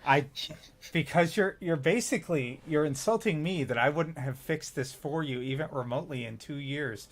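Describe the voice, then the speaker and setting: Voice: mid-range voice, normal speed. A co-host in casual chat, trading dry, sarcastic banter on a stream.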